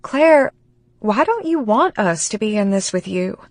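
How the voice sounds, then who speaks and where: A woman narrating an audiobook voices a gentle young female friend who speaks softly and hushed. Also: mid-range voice, big pitch swings, a little slow, no room sound, voice pushed up. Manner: soft, hushed.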